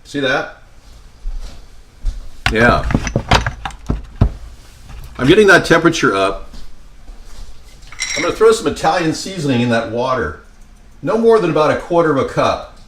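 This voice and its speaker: A man's voice: fairly high pitch, unhurried, pauses often. Chatty man cooking in a noisy kitchen. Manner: chatty, with deadpan joking asides. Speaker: home cooking vlogger. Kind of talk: casual cooking demonstration. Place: home kitchen at the stove. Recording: kitchen clatter of pots and pans behind.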